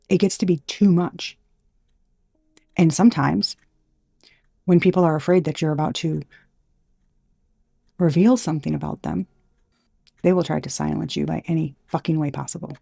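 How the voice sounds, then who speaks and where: A low, gravelly woman's voice with a husky edge, fired up and swearing freely as she gives a casual tarot reading. She is blunt, trails off and restarts often, and is recorded close and dry with no room sound. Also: warm tone, no echo. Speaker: intuitive tarot reader.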